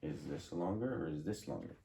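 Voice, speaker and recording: A man's voice: very deep voice, sing-song, creaky, dark tone, a little hiss or hum. A man teaching a music lesson, patiently drilling rhythms and asking questions. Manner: slow, patient, repeats and drills words.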